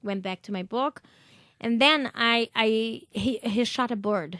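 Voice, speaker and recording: A woman's voice: fairly high pitch, a little slow, no room sound, studio quality. Laughing Brazilian woman telling stories. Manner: laughing, swearing, animated storyteller. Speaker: podcast guest. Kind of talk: casual storytelling.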